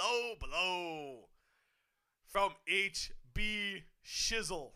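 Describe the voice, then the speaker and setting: A man giving excited live wrestling commentary, swinging from hushed muttering to sudden shouts, swearing and laughing often. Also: high voice, measured pace. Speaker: co-host of a wrestling watch-along.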